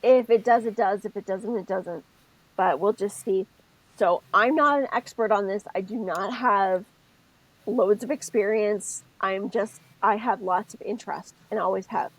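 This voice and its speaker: A woman's voice: mid-range voice, measured pace, husky, no echo, low-quality recording. A woman co-hosting a casual spiritual chat podcast, talking expressively and often stopping to rethink mid-sentence. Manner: expressive, thinks aloud, self-interrupting. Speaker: podcast co-host.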